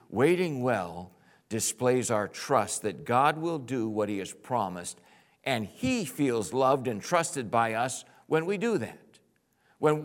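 A male pastor preaching a sermon, animated, swinging from quiet, intimate lines to loud, excited bursts. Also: medium pitch, gravelly.

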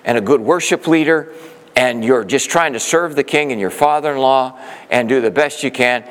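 A man preaching a sermon, telling a story in a lively way and acting out the quoted voices. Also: mid-range voice, normal speed, big-room sound. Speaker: pastor.

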